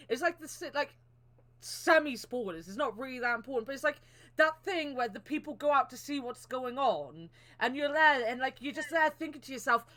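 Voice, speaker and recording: Bright-voiced young woman, chatty. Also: sits high. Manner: swears a lot, emotional and quick to cry. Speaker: podcast co-host. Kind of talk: casual chat.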